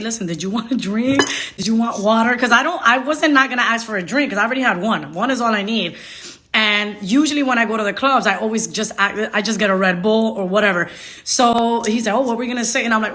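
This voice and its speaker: A young woman telling a dating story in a casual, animated way, slipping into Spanish phrases. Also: fairly high pitch. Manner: animated, laughing often, switches into Spanish. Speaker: storyteller vlogger.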